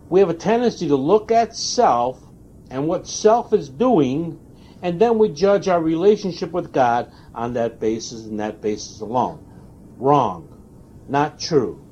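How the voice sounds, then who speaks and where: A man preaching a sermon, stressing single words and pausing for weight. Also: on the high side, lively intonation, mellow, slight background noise. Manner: emphatic, stressing single words with long pauses. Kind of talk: recorded sermon. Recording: dull lo-fi tape recording.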